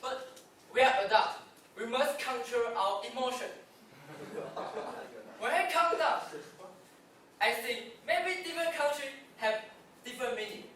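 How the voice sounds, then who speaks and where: High, lively man in echoey hall. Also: unhurried, pauses often, recorded from a distance, a little hiss or hum. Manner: laughs through his own jokes. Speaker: club speaker. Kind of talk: humorous prepared speech.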